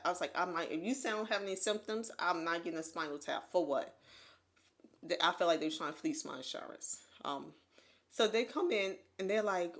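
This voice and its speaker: A woman co-hosting a podcast, telling a personal story in casual chat, animated and laughing often as she acts out what others said. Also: lowish voice. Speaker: podcast co-host. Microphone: USB condenser mic.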